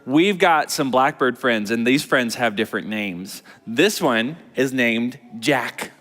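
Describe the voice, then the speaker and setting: A man's voice: mid-range voice, lively intonation, takes it slowly, a bit bright. A man hosting a library storytime for children, encouraging them and introducing songs. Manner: cheerful, encouraging, leading children in song. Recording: reverberant library hall.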